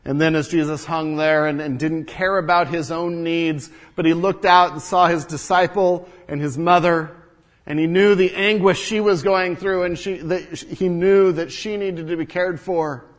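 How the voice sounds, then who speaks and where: A man preaching a sermon to his congregation, swinging from hushed low passages to loud emphatic peaks, with repetition and rhetorical questions. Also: fairly even intonation, normal speed. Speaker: pastor.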